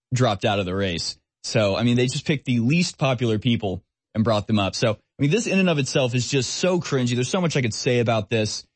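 A man hosts a talk radio show in a scornful, mocking tone that runs from quick asides to slow, drawn-out sneers. His voice sits in an ordinary middle pitch. The sound is close and dry, with no room echo. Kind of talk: opinionated talk radio monologue.

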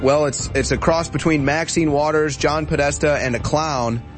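A man hosting a talk show, bantering in a deadpan, mock-nervous way. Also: a little high, moderate pace, faint music behind. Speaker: host.

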